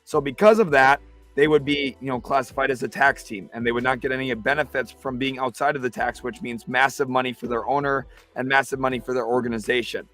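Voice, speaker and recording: A livestream host with a mid-range voice talks fast over faint background music. He runs a live basketball talk stream, excitably reading viewer comments aloud and breaking down trades.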